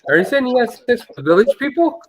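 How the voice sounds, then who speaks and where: A man's voice: very high-pitched, very animated, quick pace, noisy background. A man in a late-night group chat, laughing and goading the others with mock questions.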